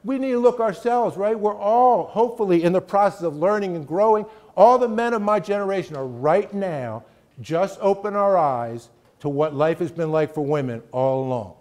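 Middle-aged male guest lecturer, slightly high voice, emphatic and chatty, keeps asking "right?". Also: normal speed, darkish tone. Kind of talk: conversational college lecture.

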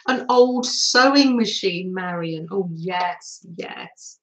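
A woman's voice: lowish voice, extremely slow, rough recording. An older woman hosting a casual craft livestream, gushing over her materials and answering viewers' comments as she works.

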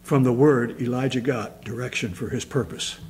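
A man's voice: mid-range voice, moderate pace, a little mellow, a little hiss or hum, poor audio. A man with a Midwestern American accent preaching a sermon as pastor, emotional and rising to fervent emphasis.

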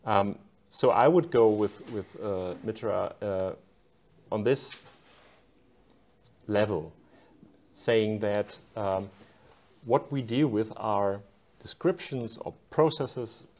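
A man discussing his own book in an academic conversation, careful and halting as he searches for words. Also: on the low side, darkish tone.

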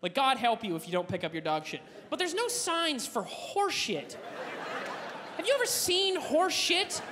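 A man doing a stand-up comedy set, rambling and swearing with animated energy on a comedy club stage. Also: very high voice, noisy background. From Canada. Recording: echoey club with audience laughter.

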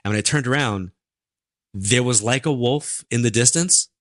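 A man, a psychic medium telling stories as a podcast guest in an animated, chatty way full of fillers. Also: medium pitch, moderate pace, dry recording, clean studio sound. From New York. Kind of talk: casual interview storytelling.

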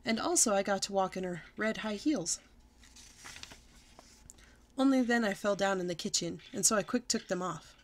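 A woman storyteller reading a children's book aloud with expressive, lively delivery. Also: medium pitch, moderate pace, long pauses, a little hiss or hum.

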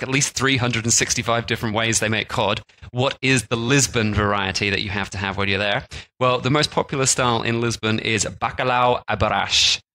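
A man's voice: medium pitch, pushed and bright, poor audio. A man co-hosting a travel podcast, chatting casually with plenty of "like" and restarts. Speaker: podcast co-host. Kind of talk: casual chat.

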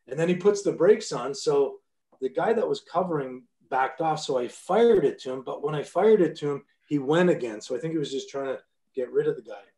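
A man's voice: on the high side, expressive, a little fast, warm tone, reverberant. A man in his fifties, a former pro hockey player guesting on a podcast, telling stories in a blunt, profane way with many restarts. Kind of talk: casual storytelling interview.

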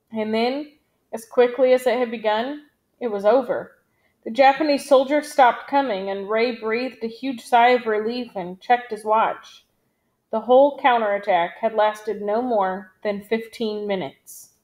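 A woman reading a novel aloud in a steady, measured storytelling manner. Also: a little high. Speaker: audiobook reader.

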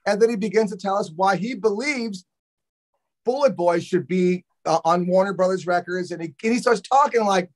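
A man from Los Angeles, a drummer guest on a talk show, telling a long story in a loose, animated way, cursing often and acting out what people said. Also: high-pitched, normal speed. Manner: animated, profane, acts out quotes. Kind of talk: casual storytelling interview.

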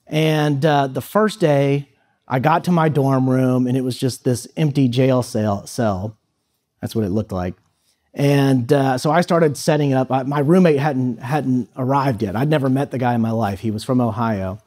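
This man in his thirties visits a high school to tell students a personal story, speaking conversationally with lots of fillers. He uses a mid-range voice at normal speed, a little mellow.

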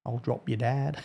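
A man's voice: mid-range voice, creaky, mellow, slight background noise. A young man streaming a game, chatting casually, swearing often, blunt and grumbling between laughs. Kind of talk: casual live-stream chat while gaming.

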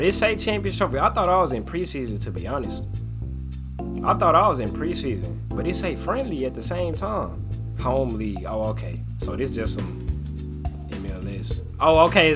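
A young man doing casual, slangy gameplay commentary at home, animated and trash-talking. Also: fairly high pitch. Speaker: gaming channel host. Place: at home, late at night. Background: background music.

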